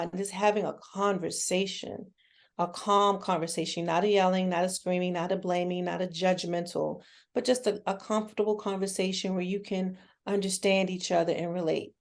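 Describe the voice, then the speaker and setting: A woman's voice: fairly low pitch, flat delivery, moderate pace, darkish tone. A woman who is a children's therapist, talking candidly and earnestly in a casual interview, with a folksy manner and frequent restarts.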